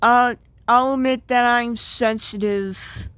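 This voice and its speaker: A woman's voice: fairly high pitch, fairly even intonation, slow pace, a bit bright, clear, resonant tone, dry recording. A woman voicing a clingy, oversensitive male washing machine boyfriend in a comic strip, whiny and possessive.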